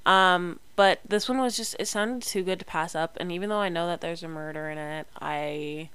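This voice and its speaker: A woman's voice: fairly low pitch, normal speed, a bit bright, clear, resonant tone, no echo. A young woman chatting casually to her camera, rambling with many fillers and restarts. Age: young adult. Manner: chatty, rambling, lots of fillers and self-corrections. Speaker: vlogger.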